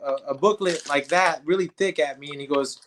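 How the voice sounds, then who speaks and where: A man telling a story as a show guest in animated, slangy casual talk. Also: fairly high pitch, brisk, noisy background. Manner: animated, slangy, says "bro".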